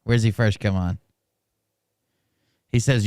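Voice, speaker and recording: A man's voice: a little high, expressive, measured pace, clean tone, no room sound, clean studio sound. A man hosting a reaction commentary, making sarcastic, mocking asides. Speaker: commentary host.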